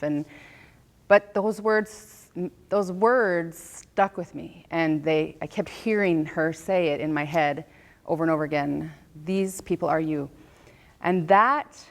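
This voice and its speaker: A woman's voice: sits low, vocal fry. A woman in her thirties telling her own story to an audience, earnest and repeating key phrases for emphasis. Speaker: author and speaker.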